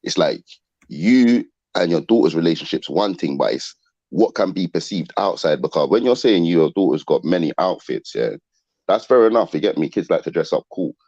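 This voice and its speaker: A man's voice: sits low, expressive, normal speed, a little mellow, dry recording, lo-fi sound. A man debating casually on an online panel, hesitant and searching for words.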